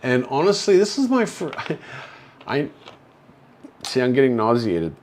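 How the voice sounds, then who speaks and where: A man from Canada hosting a casual livestream from a hospital room, rambling slowly with many fillers, drowsy and slurring from painkillers. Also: medium pitch, wildly swooping pitch, darkish tone, a little hiss or hum. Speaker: livestream host. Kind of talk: casual livestream chat reading viewer comments.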